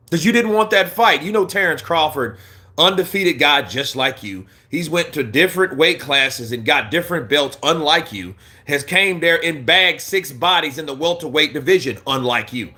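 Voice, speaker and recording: A man hosting a casual boxing livestream, blunt and animated, who swings between heated rants and low, mumbled asides while he reads the chat. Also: moderate pace. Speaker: boxing commentary livestream host.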